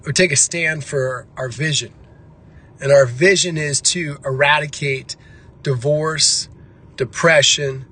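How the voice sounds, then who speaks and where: A man's voice: on the high side, sharp tone, husky. A man hosting a motivational talk for dentists, speaking in an emphatic, repetitive, preachy way. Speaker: host of a motivational show for dentists. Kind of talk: motivational monologue.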